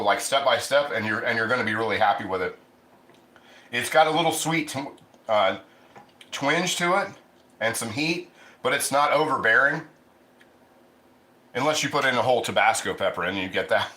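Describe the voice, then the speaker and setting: A man's voice: mid-range voice, bright, forceful tone, roomy sound, rough recording. A man hosting a casual cooking livestream from his home kitchen, chatting loosely and reading viewer comments aloud. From Ohio. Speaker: cooking channel host.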